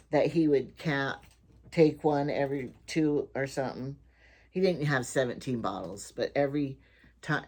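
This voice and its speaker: An older woman hosting her own home talk show, chatting in a rambling way and often restarting her sentences. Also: rumbling low. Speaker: vlogger host.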